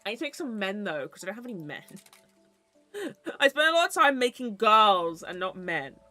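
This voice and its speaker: Young woman, rambling casual chat, bright voice, swearing, faint music behind. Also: medium pitch, very animated, normal speed. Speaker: VTuber streamer.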